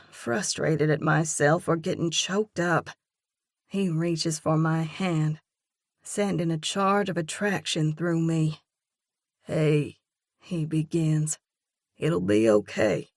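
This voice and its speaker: A woman narrates a romance audiobook in the first person with a slow, measured, expressive delivery. Her voice sits slightly low. The recording is dry and close, with no room sound. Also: no room sound.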